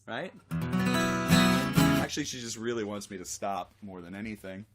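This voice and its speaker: A man's voice: fairly low pitch, moderate pace. A man with a tickle in his throat, chatting casually between songs as a singer-songwriter on a livestream. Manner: chatty, rambling, self-deprecating. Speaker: singer-songwriter streaming a live show. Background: guitar music.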